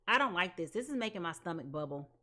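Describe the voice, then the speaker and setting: A woman's voice: lowish voice, expressive, fast, pushed and bright. A woman giving a live tarot reading, talking in an emphatic, repetitive way with casual slang. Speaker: tarot reader.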